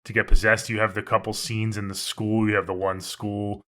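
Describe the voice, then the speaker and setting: A podcast co-host, a man with a fairly low, level voice that sounds pushed and bright, talks at a normal speed. He's chatting casually through a horror film, laid-back and swearing now and then.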